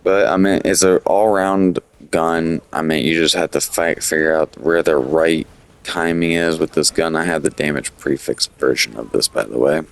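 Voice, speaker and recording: A man's voice: extremely low pitch, steady tone, moderate pace, gravelly. A man giving casual, rambling gameplay commentary, full of fillers and restarts, with the hiccups. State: has the hiccups. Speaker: gaming commentator.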